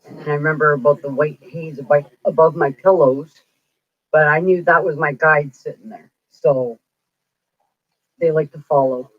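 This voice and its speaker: A woman's voice: sits low, steady tone, moderate pace, no echo. Rambling woman in her forties, lo-fi. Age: 40s. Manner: chatty, rambling, acts out quoted dialogue. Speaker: psychic livestreamer. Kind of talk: casual livestream storytelling. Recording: dull lo-fi dry sound.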